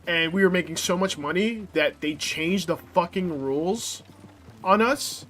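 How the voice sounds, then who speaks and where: Unhurried and fairly bright, this young gameplay streamer's voice sits high. He chats casually as he plays, wandering off on tangents, cursing and filling gaps with filler words.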